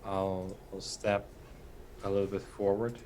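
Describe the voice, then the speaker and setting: A man playing a tabletop game, speaking quietly and hesitantly. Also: low voice, level tone, measured pace, slight background noise, poor audio. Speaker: player.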